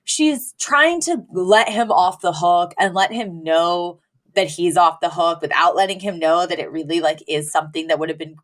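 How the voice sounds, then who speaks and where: A woman's voice: on the low side, moderate pace, a bit bright. A woman podcast co-host giving a casual, rambling episode recap with lots of fillers. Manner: rambling storytelling with many fillers.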